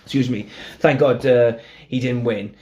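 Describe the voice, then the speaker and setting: A man's voice: medium pitch, fairly even intonation, a little slow, warm tone, lo-fi sound. A man with a Welsh accent hosting a casual podcast chat, rambling and emphatic, swearing now and then. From Wales. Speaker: podcast host.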